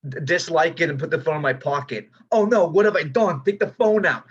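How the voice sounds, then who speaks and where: A man's voice: a little high, expressive, fairly quick, slightly rough, highs cut off. A man performing live improv comedy, talking in a frantic, panicky rush.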